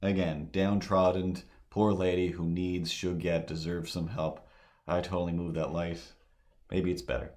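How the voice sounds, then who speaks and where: Man, low voice, unhurried, meandering live-stream chatter. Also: little pitch movement, a little mellow. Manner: meandering, filler-heavy storytelling. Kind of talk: rambling live-stream chat.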